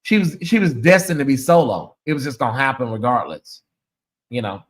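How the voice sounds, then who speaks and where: A man hosting a casual livestream, talking straight to his viewers in a sassy, animated way, thanking supporters and teasing his critics. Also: medium pitch, a little fast. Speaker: livestream host.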